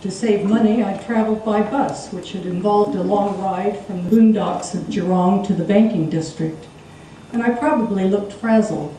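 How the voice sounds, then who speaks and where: A woman performing a wry, expressive story reading live in a theatre. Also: mid-range voice, normal speed, slight background noise. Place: theatre stage. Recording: echoey live stage, distant mic.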